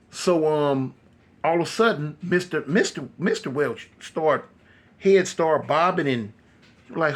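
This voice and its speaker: A man telling a horror story casually, animated and loose with many fillers. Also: a little high, a little slow.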